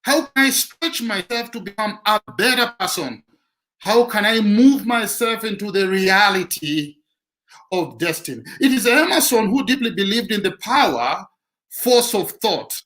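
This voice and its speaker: A man's voice: high voice, animated, unhurried, a bit bright, low-quality recording. A man giving a motivational talk who repeats his key lines for emphasis. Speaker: motivational speaker.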